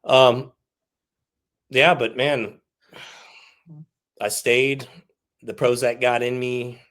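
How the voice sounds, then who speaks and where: A man in his forties, an army veteran, speaks as a guest in a candid interview. He talks bluntly and swears freely, laughing through the hard parts of his story. His voice sits at a middle pitch. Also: flat delivery, very slow, fairly bright tone. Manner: frank and profane, laughs through hard stories.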